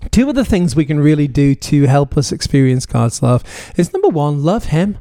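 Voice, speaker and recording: A man giving sermon-style teaching from his home office, earnest and emphatic, slowing down on key phrases. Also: on the high side, very animated, mellow. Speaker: pastor.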